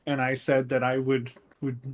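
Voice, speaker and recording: A man's voice: medium pitch, completely flat delivery, lightly acted. A man voicing a humble Lycan chieftain. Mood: solemn farewell. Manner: soft-spoken, halting, formal farewell speech. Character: gentle male Lycan tribe leader, humble and grateful.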